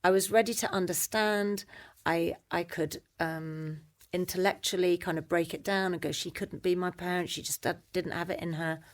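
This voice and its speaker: Lively British woman telling a personal story. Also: fairly low pitch. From Britain. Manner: animated, acts out quoted voices. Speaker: guest.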